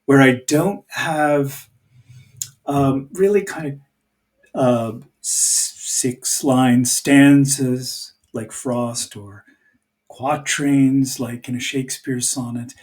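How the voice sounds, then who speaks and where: Slow, thinking-aloud male teacher. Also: mid-range voice, a little mellow, distant mic. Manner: thinking aloud, searching for words; chants meter aloud. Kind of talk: recorded video lesson.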